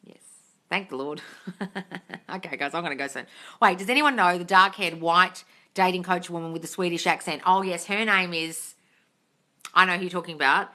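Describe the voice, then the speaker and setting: Woman live-stream host, casual chat, blunt and sweary, low-pitched, bright and forceful tone. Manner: blunt, sweary, calls viewers darling. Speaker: live-stream host answering viewer comments. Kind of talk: casual chat reading comments.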